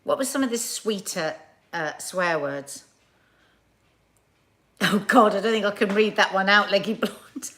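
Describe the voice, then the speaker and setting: A woman's voice: mid-range voice, unhurried, long pauses, fairly bright tone. A woman hosting a live stream, chatting casually and reading viewer comments aloud with playful, exaggerated delivery. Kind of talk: casual chat.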